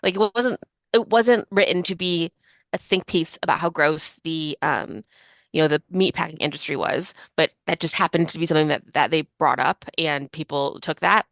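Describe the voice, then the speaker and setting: Chatty low-voiced woman podcast co-host. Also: moderate pace, gravelly, a bit bright, no echo. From Chicago. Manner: chatty, rambling with many fillers. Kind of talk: casual chat.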